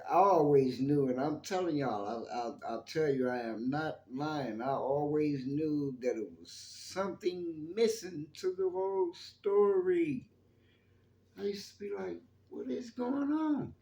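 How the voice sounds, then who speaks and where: A man with a mid-range, dark-toned voice hosts his own YouTube channel from an echoey room. He rambles chattily to viewers in a casual monologue about his faith.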